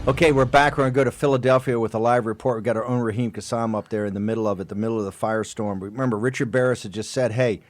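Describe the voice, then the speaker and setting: A man's voice: mid-range voice, steady tone, no room sound, soft background music. Fiery male talk radio host. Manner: emphatic, rapid-fire rhetorical questions.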